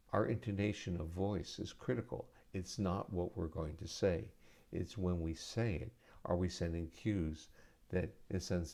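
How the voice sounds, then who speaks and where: A man answering audience questions at a live arts center talk, speaking in a measured, explanatory lecturing way. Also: low-pitched, vocal fry, darkish tone. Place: arts center event space.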